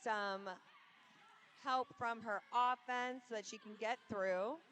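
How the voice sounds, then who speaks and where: A woman's voice: on the high side, steady tone, slow pace, a bit bright, a little hiss or hum. A woman doing live, chatty play-by-play of a roller derby game from an arena, joking with her co-host on a headset mic. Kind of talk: live sports commentary.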